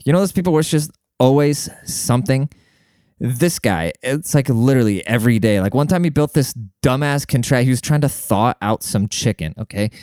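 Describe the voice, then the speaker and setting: A young man telling a long story to his viewers in a casual, profane, animated way, talking to them like a buddy. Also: medium pitch, dry recording, clean studio sound. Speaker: vlogger.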